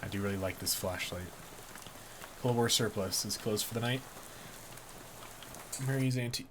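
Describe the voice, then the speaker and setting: A man hosts a casual game playthrough, reading the on-screen text aloud in a mid-pitched voice. He rambles loosely between lines and pokes fun at his own reading. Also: fairly even intonation, normal speed, pauses often, slight background noise. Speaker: let's play host.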